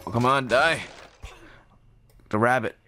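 A man giving excitable let's-play commentary, talking to himself and shouting at the game. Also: mid-range voice, a little slow, heavy background noise. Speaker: gamer.

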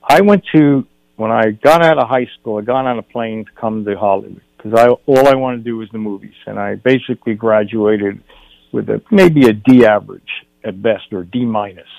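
A man's voice: on the low side, moderate pace, gravelly, a little mellow, dry recording, highs cut off. An older man, a guest film director, telling a story on a radio talk show and acting out the dialogue.

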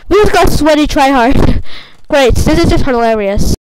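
Excitable high-voiced young woman gamer. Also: normal speed, noisy background. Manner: excitable, repetitive, exclaiming. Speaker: gaming YouTuber. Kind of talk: live gameplay commentary.

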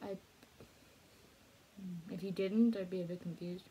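A young woman chatting casually to the camera, excitable and giggly, slipping between bubbly chatter and hushed asides. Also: fairly low pitch, a little slow, a little hiss or hum, low-quality recording. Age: young adult. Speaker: art student vlogger.

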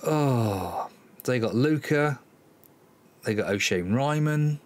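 Animated yet slow, with a medium pitch, this English host from Cornwall runs a football management let's-play. He narrates the match live, sighing with exasperation and speaking to his players.

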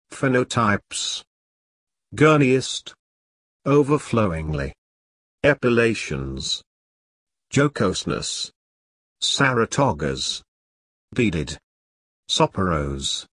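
Slow, husky man reading single words. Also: fairly low pitch, a bit bright, no echo, clean studio sound. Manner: isolated words, each spoken separately with a pause. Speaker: vocabulary reader.

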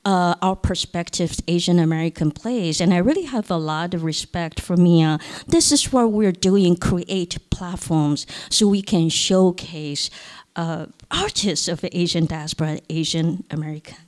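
A woman host introducing the next speaker in a measured, admiring way, with pauses. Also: fairly low pitch, darkish tone.

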